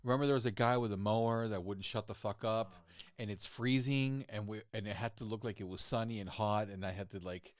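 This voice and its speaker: A male actor talking as a podcast guest, relaxed and profane, laughing often and restarting his sentences. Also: fairly low pitch, fairly quick. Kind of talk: casual chat. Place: podcast set.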